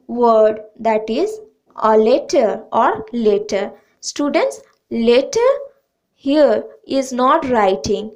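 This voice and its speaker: Woman, Indian English accent, grammar teacher, slow delivery, higher voice, patient and repetitive. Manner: addresses students repeatedly, patient and repetitive. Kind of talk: slow explanatory lesson.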